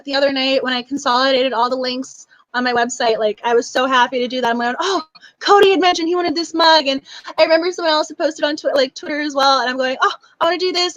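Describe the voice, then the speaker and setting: A young woman with a high, bright voice hosts a book club livestream, chatting in a warm, gushing way. She sounds close and dry, with no room behind her. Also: dry recording, poor audio. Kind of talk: casual livestream chat.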